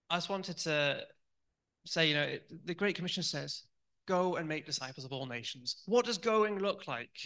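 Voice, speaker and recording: A man's voice: on the high side, bright, forceful tone. A man in his thirties giving a sermon, telling personal stories in a chatty, candid way with many ums and restarts. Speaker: church speaker.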